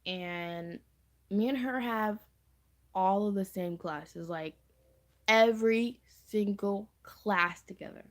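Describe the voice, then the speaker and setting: A woman's voice: mid-range voice, slow. A teenage girl telling a storytime to camera in a chatty, slangy way, repeating her phrases. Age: teens. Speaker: storytime vlogger. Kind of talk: casual storytime vlog.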